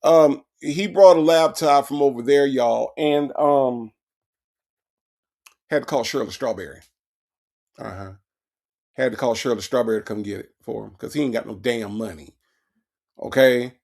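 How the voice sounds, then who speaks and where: A man riffs sarcastically on a true-crime story. His voice is gravelly, with a mid-range pitch. He curses freely and hammers the same line over and over. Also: moderate pace, long pauses, darkish tone. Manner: sarcastic, profane, repeats his points. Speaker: podcast host. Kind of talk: true-crime comedy commentary.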